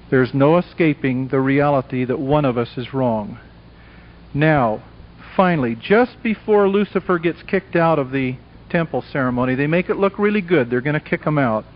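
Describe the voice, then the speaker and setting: A man's voice: a little high, moderate pace. A man giving an evangelistic lecture to a live audience, delivering it dramatically and emphatically and acting out the voices of characters in a story. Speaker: Christian speaker. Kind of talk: evangelistic lecture with acted dialogue. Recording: dull lo-fi old tape recording.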